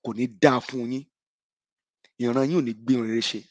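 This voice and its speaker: A man's voice: medium pitch, steady tone, a little fast, no room sound, low-quality recording. A middle-aged Nigerian man calling in with an impassioned political speech, fervent and repetitive, slipping into Yoruba. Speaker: caller. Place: living abroad, calling in.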